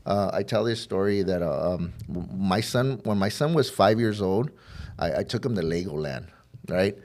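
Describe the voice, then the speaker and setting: Candid low-voiced man telling a story. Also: animated, moderate pace, a little mellow. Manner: candid, rambling with many fillers and restarts; acts out dialogue in his storytelling. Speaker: podcast guest sharing his recovery story. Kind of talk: heartfelt personal storytelling.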